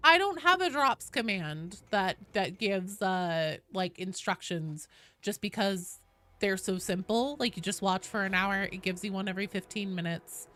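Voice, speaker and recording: A woman's voice: medium pitch, measured pace, fairly bright tone. A young woman streaming a game, chatting casually with viewers in a bubbly manner and swearing freely. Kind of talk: casual live-stream chat.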